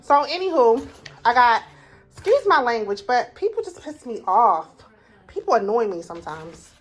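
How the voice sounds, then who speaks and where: A woman talking casually through a grocery haul at home, chatty, repeating herself and quick to get annoyed. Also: a little high, big pitch swings, soft background music. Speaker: vlogger.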